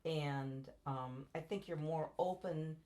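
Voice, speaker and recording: An older woman from the United States, her voice notably low and mellow, reminisces with her grown child in a family oral-history interview. Unhurried and conversational, she drifts between stories, breaking off mid-sentence and circling back as details return to her.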